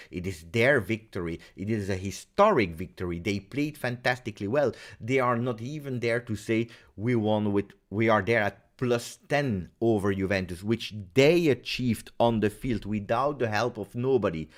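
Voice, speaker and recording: Angry low-voiced man ranting on a live stream. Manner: heated, emphatic, repeats phrases. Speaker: fan channel host. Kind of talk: live-stream fan rant.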